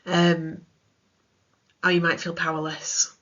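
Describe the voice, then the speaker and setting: A woman's voice: fairly low pitch, brisk, fairly bright tone. A British woman, a counselling trainer, giving a chatty recorded lesson full of examples. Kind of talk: recorded teaching talk. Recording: dull lo-fi sound.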